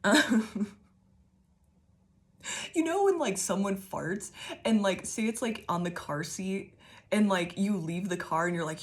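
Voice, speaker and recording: A woman's voice: mid-range voice, unhurried, pauses often. A woman giving a casual tarot reading to her viewers, rambling, swearing often, laughing, and showering them with affirmations. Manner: affirming, calls listeners babies. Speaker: tarot reader.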